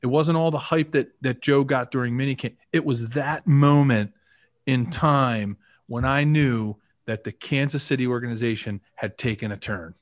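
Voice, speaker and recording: In a dry, close recording, a chatty man in his fifties from the Philadelphia area spins long stories from his football days. He talks in a loose, rambling way and leans on "you know" again and again, at an ordinary pitch. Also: normal speed, no echo. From Philadelphia area, USA. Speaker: guest, former pro football player. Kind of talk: casual storytelling interview.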